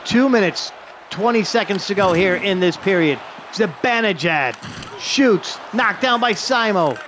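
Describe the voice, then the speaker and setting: A man giving excited play-by-play of a hockey video game he is playing, openly rooting for his team. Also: sits high, measured pace, noisy background.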